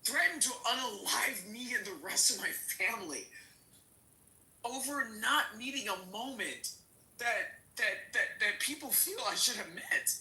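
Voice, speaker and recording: A woman's voice: fairly high pitch, lively intonation, measured pace, pushed and bright, reverberant, poor audio. A woman speaking as a panel guest, tearful and pleading, her voice breaking as she repeats herself. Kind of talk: emotional panel talk.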